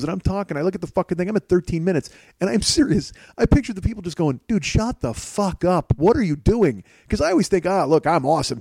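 A man talking off the cuff from his kitchen, with a slightly higher-pitched voice that sits mellow and warm. He swears constantly and rambles as he pokes fun at himself, and the sound is dry and close. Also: no echo. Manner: profane, self-mocking, rambling. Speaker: podcast host. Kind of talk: casual rambling monologue. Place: home kitchen.

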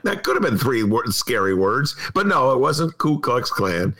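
A man hosting a casual podcast conversation, giving opinionated, animated commentary. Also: on the low side, normal speed, few pauses. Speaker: podcast host.

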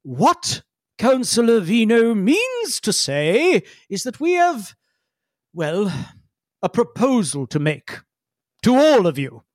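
A woman voicing a stern, formal male alien councillor who speaks slowly and carefully. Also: on the high side, huge pitch swings, dry recording, studio quality, voice pushed up, exaggerated voice.

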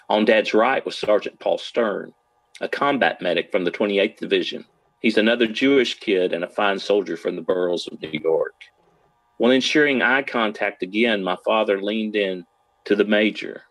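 A man recounting his father's wartime ordeal in an earnest, dramatic documentary interview, pausing for effect. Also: sits low, fairly bright tone, no room sound, poor audio. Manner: earnest, dramatic retelling with pauses. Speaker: son recounting his father's war story.

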